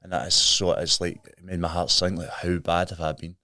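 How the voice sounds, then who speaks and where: A man's voice: low-pitched, flat delivery, brisk, pushed and bright, dry recording, studio quality. A Scottish man in his thirties, a podcast guest telling his story in an earnest, frank, plain-spoken way. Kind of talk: candid recovery story in conversation.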